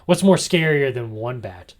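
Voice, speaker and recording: A man hosting a laid-back podcast, talking in a jokey, animated way. He keeps slipping into quiet whispered asides between louder bursts. His pitch sits in an ordinary middle range for a man. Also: moderate pace. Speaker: podcast host. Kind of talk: casual podcast chat.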